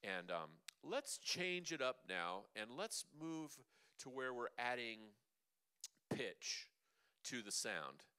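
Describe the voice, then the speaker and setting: A man's voice: medium pitch, sing-song, slow, sharp tone, clean tone. A man coaching a group through breathing and humming exercises, upbeat and coaxing, demonstrating the sounds himself. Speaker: vocal coach. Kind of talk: leading a group vocal workshop. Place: church hall.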